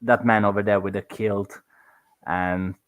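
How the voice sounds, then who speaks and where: A man with a low voice plays a tabletop game. He speaks in a halting way, pausing often and filling the gaps. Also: steady tone. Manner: hesitant, full of fillers. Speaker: player. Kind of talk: casual game chat.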